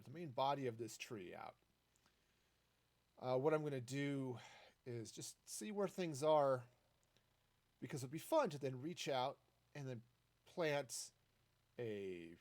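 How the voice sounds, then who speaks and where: Man, streamer, casual gameplay talk, rambling, very animated pitch. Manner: chatty and rambling, lively swings in pitch.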